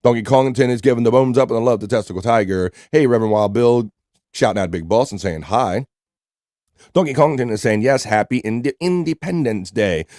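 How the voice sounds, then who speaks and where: A man's voice: medium pitch, animated, fairly quick, darkish tone. A man with an American accent hosting a live stream show, casually reading out chat messages and greeting viewers. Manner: laid-back, reads chat messages aloud. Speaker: livestream host.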